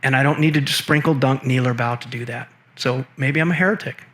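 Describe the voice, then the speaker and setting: A man's voice: mid-range voice, a little fast, heavy background noise. A man telling stories from his career as a guest in an interview, acting out the voices of people he quotes. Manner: animated, acts out quoted voices. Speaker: guest, film producer and assistant director. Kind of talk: storytelling interview talk.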